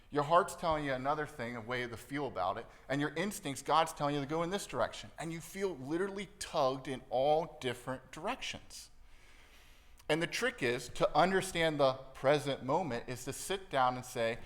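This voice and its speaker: A man preaching a sermon in a conversational style. He keeps checking in with his listeners and acts out inner voices with changes in pitch and loudness. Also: lively intonation, normal speed. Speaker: pastor.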